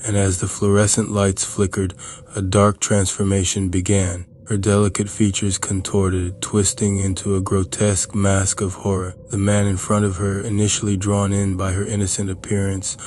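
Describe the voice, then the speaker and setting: A deep male voice reads horror prose in an unbroken, dead-level monotone. His delivery is measured and steady, with a faint hiss in the background. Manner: slow, even, measured reading. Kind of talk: scripted horror narration.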